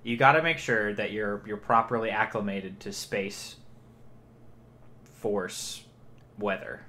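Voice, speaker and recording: A man's voice: fairly low pitch, normal speed, bright, forceful tone, a little hiss or hum. A man co-hosting a podcast in casual comedic banter, riffing earnestly and thinking aloud. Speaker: podcast co-host.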